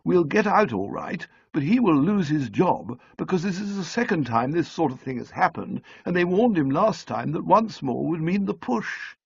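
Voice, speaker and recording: A man reading an audiobook, voicing an amiable, bumbling upper-class young English gentleman in a breezy, flustered way. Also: a little high, very animated, moderate pace, creaky, few pauses, husky, no echo, muffled recording, pitched above the performer's own voice, full character voice. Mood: eager. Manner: breezy, flustered toff slang. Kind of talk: audiobook character voice.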